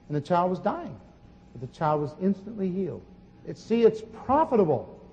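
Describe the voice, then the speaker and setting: Man, preacher, sermon, animated storytelling, sudden shouts, high voice, long hall echo. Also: highs cut off. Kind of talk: sermon teaching with testimony.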